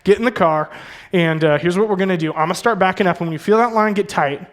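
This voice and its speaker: A man's voice: sits high, quick pace, close to an everyday voice. A man voicing a laid-back teenage Texan guy with a Texas accent, speaking in an easygoing, matter-of-fact drawl. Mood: casual.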